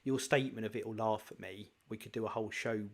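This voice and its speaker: A man's voice: on the low side, steady tone, fast talker. A man hosting a casual podcast chat, encouraging and steering the conversation. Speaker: podcast host.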